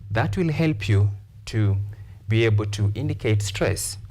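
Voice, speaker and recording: A man from Kenya, teaching a televised classroom lesson. He explains deliberately, repeats his examples and pauses on "uh" fillers. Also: lowish voice, lively intonation, darkish tone.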